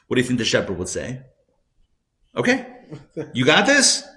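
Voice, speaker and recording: A man teaching a live class as a rabbi, joking and quizzing his students with animated energy. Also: medium pitch, fast. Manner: playful, jokey, animated, asks the class questions. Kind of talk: lively live class lecture.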